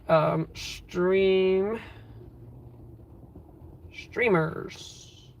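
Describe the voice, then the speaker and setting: Here the young livestreamer, in his twenties, broadcasts casually from his car, addressing viewers via his phone. He rambles cheerfully with lots of fillers, in a high voice at a slightly slow pace.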